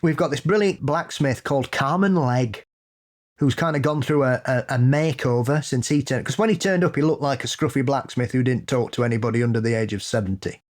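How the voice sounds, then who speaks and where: A man co-hosting a podcast, talking in a loose, casual way. He is blunt and sweary and holds strong opinions, and his pitch sits in the middle range. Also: a little fast. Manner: blunt, sweary and opinionated, building to animated laughing rants. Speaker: podcast co-host. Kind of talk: casual chat.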